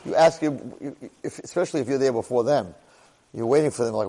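A man's voice: a little high, moderate pace, darkish tone, big-room sound, rough recording. Emphatic middle-aged man giving a Torah class. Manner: emphatic, rhetorical questions, frequent restarts. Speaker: Torah lecturer.

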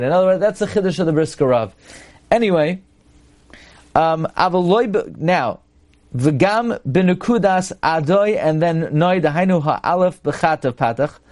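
Male rabbi lecturer, slightly high voice, explanatory Torah-class delivery. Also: a little mellow. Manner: explanatory, reads Hebrew text then translates, frequent restarts. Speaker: rabbi teaching halacha.

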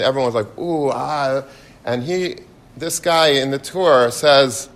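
Man, informal sermon, animated storytelling, passionate exhortation. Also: mid-range voice, a little slow. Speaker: rabbi giving a Torah talk.

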